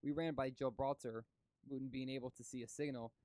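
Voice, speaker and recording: A man doing a gruff sea captain. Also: mid-range voice, fairly even intonation, a little fast, darkish tone, no echo, close to an everyday voice. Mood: uneasy. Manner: broad dialect speech, plain and blunt.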